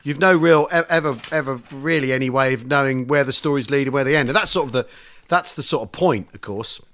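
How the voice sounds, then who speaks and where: A man co-hosting a comic history podcast, jokey and theatrical with quick asides. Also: medium pitch, fairly bright tone. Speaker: podcast co-host.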